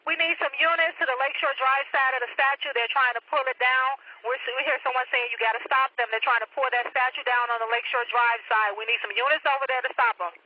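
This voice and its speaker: A woman's voice: high voice, fairly even intonation, fast talker, few pauses. A woman police dispatcher relaying reports over the radio, repeating warnings urgently. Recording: muffled scanner radio with loud static.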